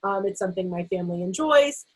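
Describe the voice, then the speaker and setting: A woman teaching a vocabulary lesson to camera, saying the word slowly and sounding out its syllables. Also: medium pitch, lively intonation, low-quality recording. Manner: slow, stretched-out word repetition. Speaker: literacy teacher.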